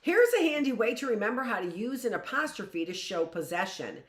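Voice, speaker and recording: A middle-aged woman teacher giving a live reading lesson to young children, slow and emphatic, repeating key phrases and checking in with "right?". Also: on the high side, sing-song, reverberant.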